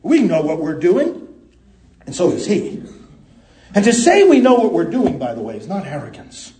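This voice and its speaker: Impassioned male preacher from the US, high voice, roomy echo, loud peaks and quiet asides. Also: very animated, normal speed. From United States. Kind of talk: sermon.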